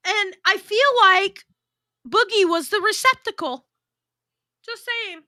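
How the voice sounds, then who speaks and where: A woman with a high, bright voice chats on a livestream, reading out viewer messages and gossiping bluntly. She swears freely. The sound is dry and close. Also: takes it slowly, no room sound. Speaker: livestream host reading chat. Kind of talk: casual livestream chat.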